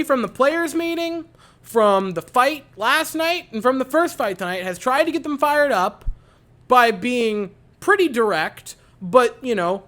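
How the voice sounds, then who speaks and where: A man giving an animated post-game reaction to a hockey game, repeating his points for emphasis. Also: very high voice. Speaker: hockey fan commentator.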